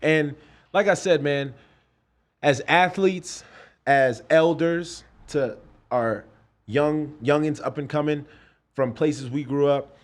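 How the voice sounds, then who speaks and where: A man's voice: on the high side, slow, pauses often. A man in his thirties from New York, a guest in a casual podcast chat, telling stories animatedly and acting out voices. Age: 30s. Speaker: guest, pro fighter.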